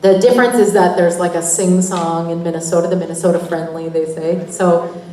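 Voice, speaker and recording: A woman's voice: fairly low pitch, steady tone, fairly quick, mellow, distant mic, slight background noise. Chatty Canadian-raised woman in an echoey hall. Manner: chatty, laughing, storytelling. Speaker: actor on a convention panel. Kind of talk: convention panel Q&A. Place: convention hall.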